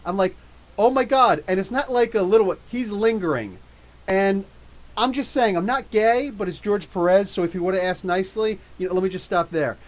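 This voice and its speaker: A man with a high voice chats through an excited story on his podcast. He acts out lines of dialogue as he goes, and his delivery stays loose and animated. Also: fairly quick, rough recording. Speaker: podcast host. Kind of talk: casual live storytelling.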